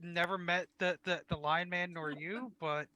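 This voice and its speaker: A man's voice: sits high, steady tone, a little slow, bright, forceful tone, dry recording. A man doing a wry, skeptical adventurer.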